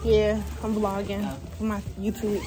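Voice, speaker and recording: A woman's voice: mid-range voice, monotone, a little slow. Chatty young woman vlogging. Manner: chatty, teasing, talks to viewers. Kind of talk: casual vlog chat. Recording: loud background music.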